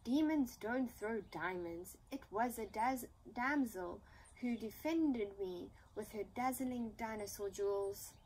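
A woman voicing a pompous male dinosaur duke in a storybook, loud and haughty. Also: fairly high pitch, takes it slowly, a little hiss or hum, rough recording.

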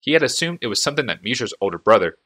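A man's voice: mid-range voice, very animated, rapid-fire, sharp tone. A man reading a fantasy novel aloud as a fan audiobook, telling the story expressively. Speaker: audiobook narrator.

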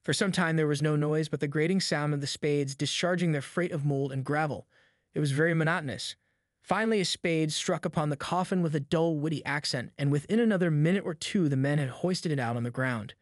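A man reading a novel aloud in steady, measured audiobook narration. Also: a little high, no room sound, studio quality.

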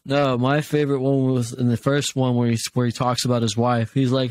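A man co-hosting a casual podcast, laughing often and retelling comedy bits with lively asides. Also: medium pitch, brisk, few pauses. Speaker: podcast co-host. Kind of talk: casual chat.

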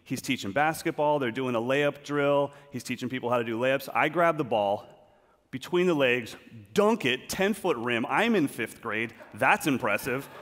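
In a large hall with long reverb, a man delivers a storytelling talk from the stage. His mid-range voice moves at a moderate pace, and he acts out scenes in an animated way.

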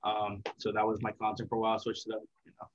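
A young man giving a casual interview as a content creator, talking in a relaxed, rambling, reflective way. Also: on the low side, rapid-fire, a little hiss or hum. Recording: dull lo-fi sound.

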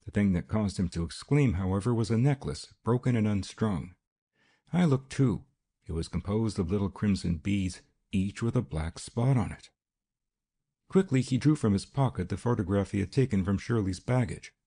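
A man narrating a detective novel as an audiobook in a measured, even reading style. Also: on the low side, slightly rough. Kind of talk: scripted narration.

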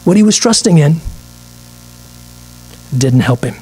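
A man's voice: on the high side, animated, measured pace, warm tone, breathy edge. A man, a pastor preaching a midweek sermon, reading scripture aloud and acting out little asides.

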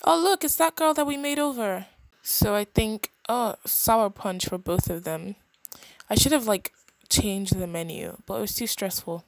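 A young woman casually narrating a life-sim game, chatty and expressive with quick reactions. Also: mid-range voice, dry recording. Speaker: gaming channel host.

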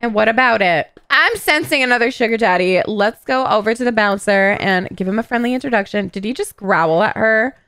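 A woman giving casual gameplay commentary in an excitable, gossipy and profane way. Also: fairly high pitch, a little fast, hardly any pauses, clear, resonant tone, no echo, studio quality. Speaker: gaming YouTuber.

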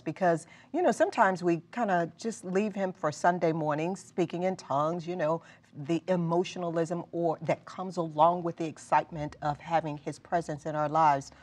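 Woman host, low voice, conversational, encouraging, interview questions. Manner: conversational, encouraging, frequent affirmations. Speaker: talk-show host. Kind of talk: interview questions on a Christian talk show.

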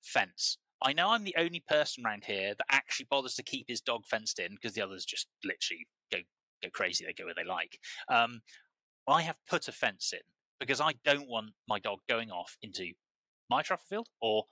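Man, British accent, podcast guest, very bright voice, rambling animated storytelling, lots of restarts, dry close sound. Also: mid-range voice, a little fast, no echo, rough recording. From United Kingdom. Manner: rambling and animated, with many restarts and repeated words. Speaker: truffle grower, podcast guest. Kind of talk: casual conversational storytelling.

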